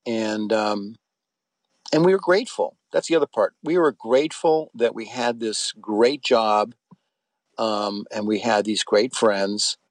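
A man's voice: on the low side, unhurried, no echo. A middle-aged man being interviewed, telling a personal story in a rambling, conversational way with frequent restarts. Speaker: interview guest.

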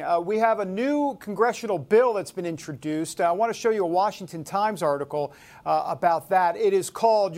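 A man hosts a casual political talk show. His voice sits high for a man, and he talks in a loose, joking way, full of sarcastic asides.

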